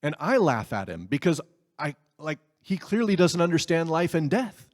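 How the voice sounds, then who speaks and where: A man's voice: a little high, big pitch swings, normal speed. A man preaching a sermon in a conversational way, with asides and laughs. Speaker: pastor.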